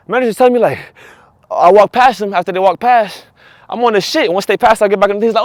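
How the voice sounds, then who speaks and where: A man vlogging, telling a long story in a casual, profane and animated rant with lots of repetition. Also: high voice, fast, dry recording, clean studio sound. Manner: profane, animated, repeats himself.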